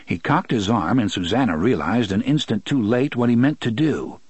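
A man narrating a novel as an audiobook, expressive and switching voices for characters. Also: medium pitch, normal speed, breathy edge, dry recording. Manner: expressive storytelling, many voices. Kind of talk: scripted narration.

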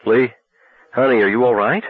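A man's voice: mid-range voice, steady tone, moderate pace, breathy edge, no echo, voice pushed up, close to an everyday voice. A man playing a tearful, shaken young man. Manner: tearful and apologetic. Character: young man, upset and close to tears. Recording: tinny narrow-band recording.

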